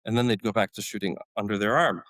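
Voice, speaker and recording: Middle-aged guy telling army stories on a podcast, fast and animated, dry close sound. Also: on the low side, dry recording, rough recording. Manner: animated storyteller, acts out quoted dialogue. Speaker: podcast guest, former special forces medic. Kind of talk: storytelling in a casual interview.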